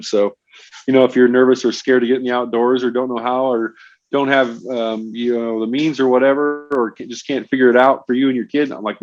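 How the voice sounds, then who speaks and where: A man's voice: medium pitch, no room sound. A middle-aged man, a fishing industry guest, telling stories in a casual podcast interview and often calling the host "bro" and "man.". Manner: animated storyteller, frequent "bro" and "man". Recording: dull lo-fi, dry sound.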